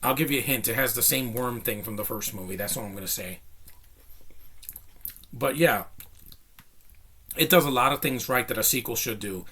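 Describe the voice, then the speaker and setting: With a medium-pitched, husky, sharp-toned voice, a young man reviews a movie at a normal speed but pauses often. His talk is casual and rambling, eager and a little breathless, packed with fillers and restarts.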